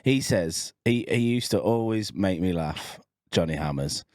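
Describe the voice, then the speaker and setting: A man's voice: low-pitched, unhurried, dry recording, studio quality. A man co-hosting a podcast, telling a story with lots of laughter and swearing. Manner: animated, laughs often, swears. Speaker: podcast co-host. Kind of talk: casual storytelling chat.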